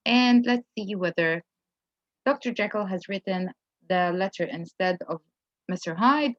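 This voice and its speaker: A woman's voice: mid-range voice, no echo, highs cut off. A woman English teacher explaining a story to students in a friendly, explanatory way, often asking rhetorical questions.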